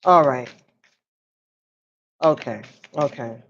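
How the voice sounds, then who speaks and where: Slow, musing woman reading oracle cards. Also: extremely low pitch, lo-fi sound, slight background noise. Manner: slow, musing, pauses to listen. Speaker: oracle card reader. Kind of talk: livestream card reading.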